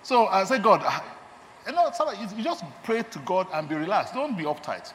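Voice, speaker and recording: Animated Nigerian man preaching in a hall. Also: high-pitched, quick pace, a little hiss or hum. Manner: emphatic, repeats key phrases. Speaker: lay preacher and doctor. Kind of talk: sermon. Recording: long hall reverb, faint ambience.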